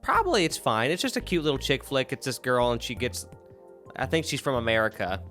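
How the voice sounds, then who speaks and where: A man's voice: mid-range voice, very animated, brisk, fairly bright tone, faint music behind. A man hosting a podcast in casual chat, laughing often and restarting his sentences. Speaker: podcast host.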